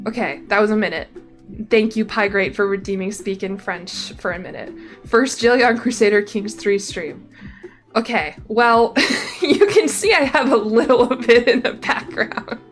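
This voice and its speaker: A young woman chats casually on a live stream, rambling with plenty of fillers and restarts. Her voice sits at a medium pitch and moves a little slowly. Faint music plays in the background.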